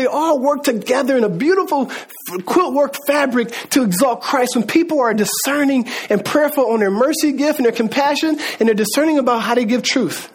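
A male pastor preaches a sermon in an animated, conversational way. He swings from relaxed storytelling to sudden emphatic calls. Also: very high voice, slightly rough.

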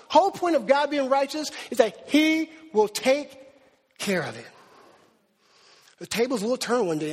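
A man preaching a sermon with animated, emphatic delivery, repeating words for stress. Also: very high-pitched, breathy edge. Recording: long hall reverb.

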